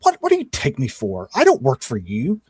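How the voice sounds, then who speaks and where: A man's voice: medium pitch, slow pace, no echo, natural voice. A man doing a foul-mouthed grumpy cleric. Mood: scornful. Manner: swearing, sarcastic grumbling.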